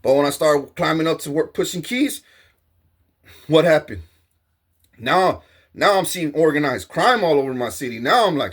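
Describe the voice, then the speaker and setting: A man's voice: fairly high pitch, lively intonation, normal speed, long pauses. A man telling a heated, profane story in a casual monologue. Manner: profane, streetwise, heated storytelling with acted quotes. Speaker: storyteller recounting a confrontation.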